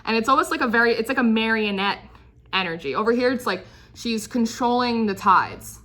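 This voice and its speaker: A young woman tarot reader gives a casual, chatty reading packed with fillers and repeated phrases, occasionally drifting into quick put-on voices. Her voice is a little high and sharp, with lively intonation.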